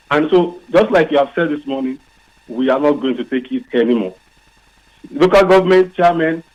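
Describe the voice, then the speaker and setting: A man's voice: on the high side, a little mellow. A Nigerian man calling in to a radio show, speaking earnestly and firing rhetorical questions, with a few restarts. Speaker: radio caller. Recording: dull phone-in line.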